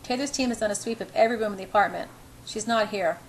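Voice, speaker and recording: A woman's voice: mid-range voice, fast talker, slight background noise, lightly acted, rough recording. A woman voicing a brooding, controlling young man, spoken intensely and insistently. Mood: earnest.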